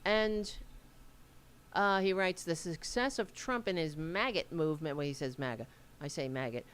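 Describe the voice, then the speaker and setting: A woman's voice: deep voice, smooth. A woman hosting a casual livestream, rambling as she reads aloud and answers viewer comments, with a Staten Island accent. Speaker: host.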